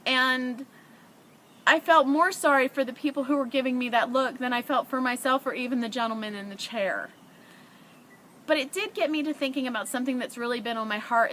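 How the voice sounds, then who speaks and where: A woman's voice: high-pitched, fairly bright tone, a little hiss or hum. A middle-aged woman talking earnestly and emotionally to her viewers, sharing parenting advice in a conversational way. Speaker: parent vlogger. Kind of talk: heartfelt advice to camera.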